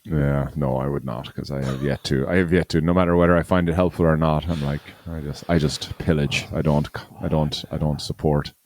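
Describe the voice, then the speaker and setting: Very deep-voiced man, chatty and rambling. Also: steady tone, fairly quick, few pauses, a little mellow. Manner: rambling, laughs often, restarts. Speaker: podcast co-host. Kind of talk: casual chat.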